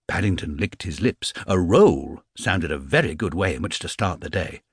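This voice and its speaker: Male audiobook narrator, expressive, lower voice, very animated delivery, dry close sound. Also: normal speed, few pauses, slightly rough, no room sound. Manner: expressive, lively storyteller. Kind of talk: scripted storybook narration.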